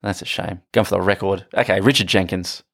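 A man co-hosting a casual movie podcast, blunt, enthusiastic and quick to swear. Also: sits low, steady tone, creaky, fairly bright tone, no echo, studio quality. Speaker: podcast co-host.

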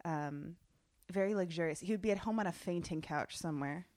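A woman as a guest in a relaxed chat, describing things in an easygoing way and laughing readily. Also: fairly low pitch, brisk, no room sound, studio quality. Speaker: podcast guest. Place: indoors, sitting in a papasan chair with her dog.

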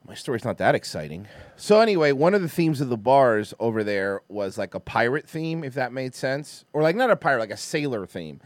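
Animated rambling male storyteller. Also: medium pitch, fairly quick, few pauses, no echo. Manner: rambling, profane, lots of fillers and self-interruptions; animated, swings between mumbling asides and loud bursts. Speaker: podcast host. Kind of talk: casual storytelling chat.

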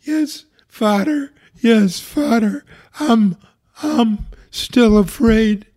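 A man's voice: extremely high pitch, extremely slow, warm tone, pitched above the performer's own voice, exaggerated voice. A man putting on a sobbing frightened woman patient. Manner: tearful, breathless pleading.

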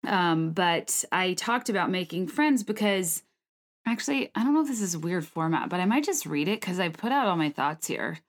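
Fast-talking woman in her late twenties. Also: lowish voice, expressive. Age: late 20s. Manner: fast-talking, many filler "like"s. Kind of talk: casual monologue and reading her own blog post aloud.

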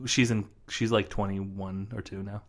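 A man's voice: fairly low pitch, level tone, a little slow. A young man co-hosting a podcast, chatting casually in a jokey, rambling way with many fillers. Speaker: podcast co-host. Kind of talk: casual chat.

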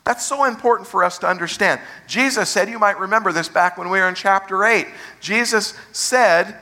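Male pastor, sermon, slightly high voice, bright, rhetorical questions, slows on key words.

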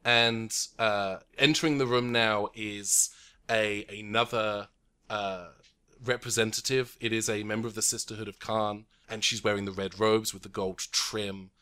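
A man's voice: lowish voice, steady tone, unhurried, pushed and bright, clear, resonant tone. A man narrating a tabletop game as game master, recorded remotely, describing scenes with many fillers.

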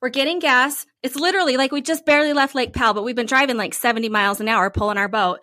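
Casting: upbeat woman storyteller, bright and slightly high, dry close mic. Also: fast, dry recording. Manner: animated, lots of "like", playful self-praise. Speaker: podcast co-host. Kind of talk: casual storytelling chat.

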